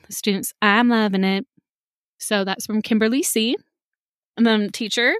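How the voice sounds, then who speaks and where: A woman's voice: mid-range voice, fairly even intonation, normal speed, a bit bright, no echo. Chatty woman podcast host, dry close sound. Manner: chatty, upbeat, sings short jingles and chants. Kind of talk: casual podcast talk.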